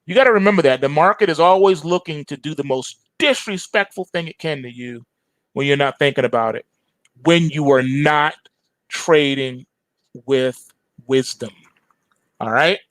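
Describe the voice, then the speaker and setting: High-voiced man lecturing on trading. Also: normal speed, fairly bright tone, no room sound. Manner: emphatic, preachy, slangy and repetitive. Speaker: trading show host. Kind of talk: market commentary monologue.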